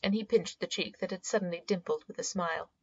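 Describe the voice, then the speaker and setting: A woman narrating a storybook in a measured, expressive reading. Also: on the low side, slightly rough. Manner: measured and expressive, voices the uncle in quotes. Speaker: audiobook narrator. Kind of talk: scripted narration. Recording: dull, muffled audio.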